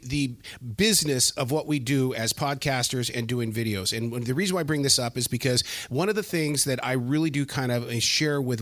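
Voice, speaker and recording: A man's voice: medium pitch, fairly bright tone, no room sound. A man hosting a podcast interview, setting up long, rambling questions. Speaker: podcast host.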